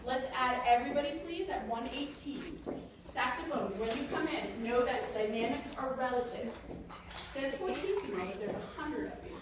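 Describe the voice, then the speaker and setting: A woman leading a large band rehearsal, giving lively instructions and singing phrases to demonstrate. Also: high voice, moderate pace. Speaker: band conductor. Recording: echoey room from far off, with noise.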